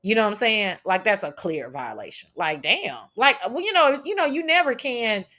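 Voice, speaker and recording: A woman chatting casually as a co-host, animated and exclaiming, swearing freely. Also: on the high side, normal speed. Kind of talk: casual gossip chat.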